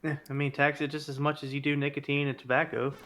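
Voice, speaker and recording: A man co-hosting a casual podcast chat, easygoing and quick to laugh. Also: a little high, level tone, fairly bright tone.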